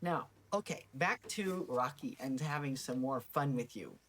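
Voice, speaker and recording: A woman teaching a gentle guided voice lesson in a soft, encouraging manner. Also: rumbling low, animated, a little slow.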